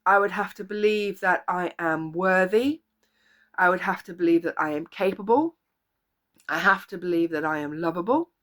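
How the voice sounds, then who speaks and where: A woman's voice: on the low side, moderate pace. A woman life coach giving an earnest, encouraging motivational talk to the camera, repeating key phrases for emphasis. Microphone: camera or phone video.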